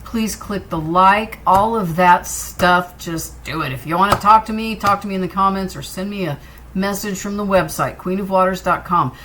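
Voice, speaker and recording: A woman's voice: medium pitch, normal speed, noisy background. A woman giving a tarot reading, talking straight to her viewers in an encouraging way. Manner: encouraging, direct address to viewer. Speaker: tarot reader.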